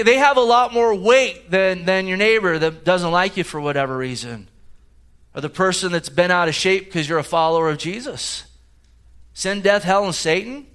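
At a church service, a man preaches as pastor in a slightly high, fairly bright voice. He's emphatic, packing his sermon with rhetorical questions.

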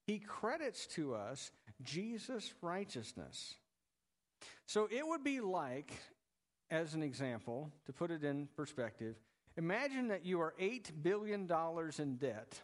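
A man preaching a sermon as pastor, in a relaxed conversational way that jokes with the congregation. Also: a little high, long reverb tail.

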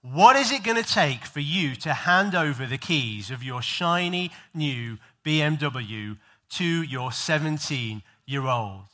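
A man's voice: a little high, lively intonation, takes it slowly, pushed and bright. A male preacher giving a conversational sermon to his congregation in a church, full of self-deprecating jokes and loose fillers.

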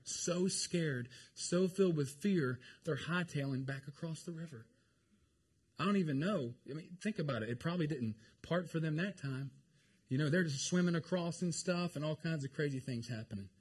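A man preaching a lively, joking sermon to his congregation. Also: fairly high pitch, breathy edge. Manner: animated, jokey, talks to the congregation. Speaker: pastor.

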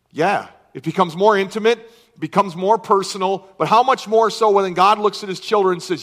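A man's voice: sits high, a bit bright. A middle-aged man preaching as pastor, earnestly reading scripture aloud with emphasis. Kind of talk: sermon.

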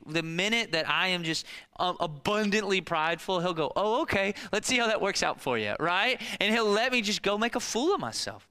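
Preaching casually, a man in his thirties who serves as a pastor asks rhetorical questions and tells stories about his family. His voice sits high and sounds bright, smooth, and forceful.

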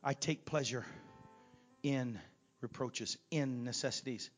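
A middle-aged man preaching a Pentecostal sermon in a church, his volume surging and sinking as he builds to near-shouts. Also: mid-range voice, slow pace, soft background music. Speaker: pastor. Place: church sanctuary.

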